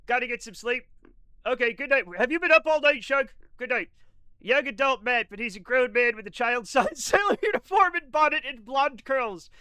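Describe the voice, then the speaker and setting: A man's voice: extremely high pitch, normal speed, pushed and bright, clear, resonant tone, dry recording. A young adult man streaming a game, chatting casually and rambling through jokey stories. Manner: rambling, joking storyteller. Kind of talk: casual chat.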